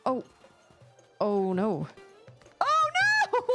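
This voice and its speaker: Animated woman streamer chatting while gaming. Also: mid-range voice, over loud music. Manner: chatty, animated, quick to exclaim. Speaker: game streamer. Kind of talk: live-stream gaming commentary.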